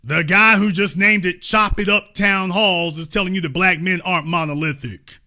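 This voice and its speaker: A man's voice: high voice, steady tone, moderate pace, pushed and bright. A man hosting political commentary, talking in a sarcastic, indignant, heated way. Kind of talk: opinion commentary.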